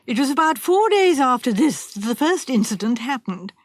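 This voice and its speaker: A woman narrating a mystery audiobook in a measured, even storytelling manner. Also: high-pitched, dry recording, studio quality. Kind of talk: scripted narration.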